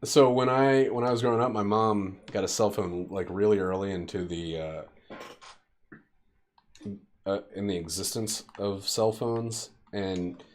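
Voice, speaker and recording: A man's voice: on the low side, steady tone, unhurried. A young man streaming a game, rambling and joking profanely as he plays. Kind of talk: casual gameplay commentary.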